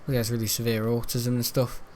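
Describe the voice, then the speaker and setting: A man's voice: mid-range voice, flat delivery, quick pace, a little mellow, slight background noise. A young British man rambling casually as he hosts a gameplay video, chatty and meandering, full of fillers and self-corrections. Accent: British English. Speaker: gaming channel host.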